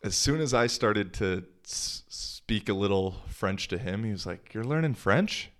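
A man's voice: on the low side, unhurried. A young man hosting his own podcast, talking in a laid-back, slangy, profane way. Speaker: podcast host. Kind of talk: casual solo podcast monologue.

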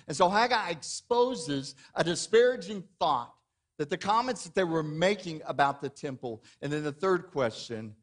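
A man's voice: on the high side, lively intonation, moderate pace. A man preaching a sermon to his church, talking in a conversational way and often asking the congregation questions. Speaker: pastor. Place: church sanctuary.

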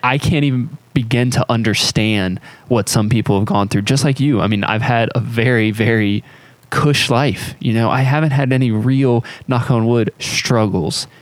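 A man's voice: mid-range voice, moderate pace, no room sound. An American man hosting a podcast, talking casually and earnestly, with lots of fillers. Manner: earnest and reflective, filler-heavy. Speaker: podcast host.

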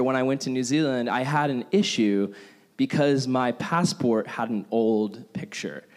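A man's voice: medium pitch, darkish tone. A young man giving a casual, jokey sermon to a youth group, telling self-deprecating stories. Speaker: youth pastor.

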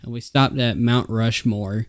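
A man's voice: mid-range voice, steady tone, a little slow, clear, resonant tone. A man co-hosting a podcast, rambling through stories with fillers and frequent laughter. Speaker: podcast co-host. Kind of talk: casual chat.

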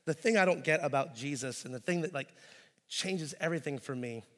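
A male pastor delivers a sermon with a fairly high voice. He drops to a hushed intensity, then rises into loud, impassioned pleading as he acts out voices. A long church-hall reverb trails behind every phrase.

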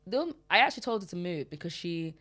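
A woman co-hosting a podcast, chatting casually and telling stories with quick asides. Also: on the low side, expressive, fairly bright tone, faint music behind. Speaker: podcast co-host. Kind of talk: casual chat.

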